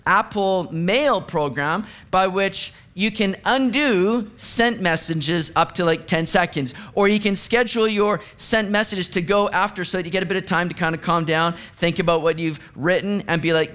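Male pastor, higher-pitched voice, chatty sermon delivery with playful acted asides. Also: normal speed. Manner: conversational, animated preaching with acted asides.

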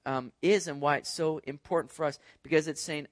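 A man's voice: a little high, steady tone, fairly quick, hardly any pauses, no room sound. A man preaching a sermon to a congregation in a conversational way, often checking in with "right?". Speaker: pastor. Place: church service.

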